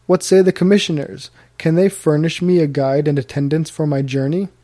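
Man doing a stern, formal gentleman of the house, mellow tone. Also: fairly high pitch, steady tone, brisk, dry recording, clean studio sound, natural voice. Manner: commanding, formal questioning.

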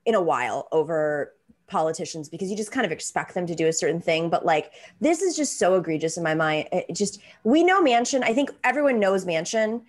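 A woman hosting a political talk show, talking in an animated, rambling and self-deprecating way. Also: lowish voice.

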